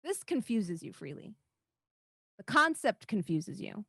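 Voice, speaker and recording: Brief: woman dungeon master, slow, hesitant narration, dry close mic. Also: medium pitch, big pitch swings, fairly bright tone, slightly rough, no echo. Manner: halting, full of fillers like "like". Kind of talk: narrating a tabletop game.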